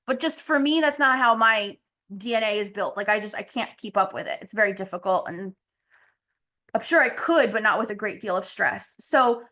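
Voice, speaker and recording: A woman's voice: medium pitch, sharp tone. A woman hosting a casual motivational podcast, talking candidly with lots of "like" and "you know" and the odd swear, her voice a little strained as she loses it. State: losing her voice, clearing throat. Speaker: podcast host.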